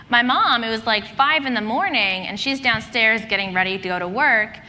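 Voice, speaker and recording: A young woman telling stories on a convention panel, animated, laughing and acting out her reactions. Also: a little high, normal speed. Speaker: panelist, role-play streamer. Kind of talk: panel storytelling on stage. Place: large convention hall stage. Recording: convention hall with crowd noise.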